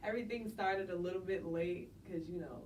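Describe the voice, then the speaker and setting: A young woman from New Jersey, guest artist in a casual interview, laid-back and quick to laugh, saying "like" a lot. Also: fairly low pitch, crowd noise. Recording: distant mic with faint noise.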